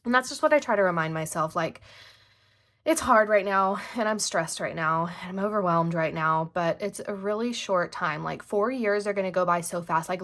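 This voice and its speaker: A young woman talking to camera from her desk at home in a loose, chatty vlog. Her speech rambles, dotted with "like" and quick asides. Her pitch sits at a typical middle for a woman. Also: a bit bright. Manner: rambling, filler-heavy with frequent "like". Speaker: planner vlogger and mom.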